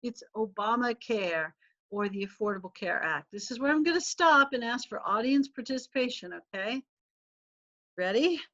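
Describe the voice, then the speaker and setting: A woman teacher talks her class through a lesson in a loose, joking way and laughs often. Her voice sits a bit high. The sound is dry and a little dull, like audio from a video call. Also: animated, normal speed, a bit bright, no echo. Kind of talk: casual online class lecture.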